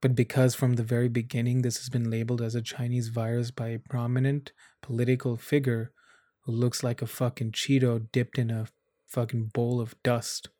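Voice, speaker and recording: A man's voice: mid-range voice, little pitch movement, normal speed, mellow, no room sound, clean studio sound. A young man giving blunt, angry commentary to camera, swearing often. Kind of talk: casual vlog commentary.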